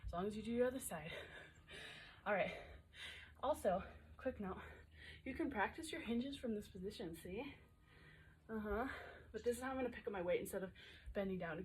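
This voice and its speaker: A woman's voice: medium pitch, slight background noise. A woman in her thirties coaching a home workout while exercising along, chatty and upbeat, out of breath, cueing moves between breaths. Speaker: fitness instructor.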